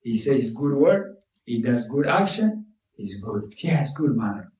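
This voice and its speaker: A man's voice: medium pitch, very animated, measured pace, darkish tone. Emphatic male preacher in an echoey hall. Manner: emphatic, repetitive preaching with Arabic terms. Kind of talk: sermon. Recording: echoey room, mic at a distance.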